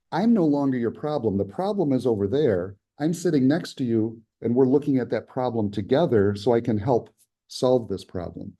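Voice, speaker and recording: A man's voice: mid-range voice, dark tone. A man giving a conversational lecture as an instructor, often acting out short quoted complaints and replies. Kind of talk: lecture on conflict resolution.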